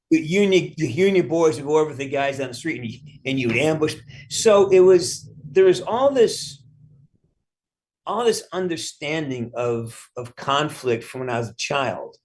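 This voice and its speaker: Middle-aged male actor, interview guest, rambling and profane, ordinary pitch. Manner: rambling, frequent restarts, casual swearing. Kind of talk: casual interview answers.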